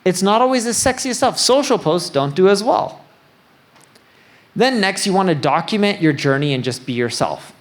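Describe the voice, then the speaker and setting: On a conference stage before an audience, a male keynote speaker talks casually and self-deprecatingly, plain-spoken, a bit nerdy, and joking. His voice sits high and expressive at a normal speed.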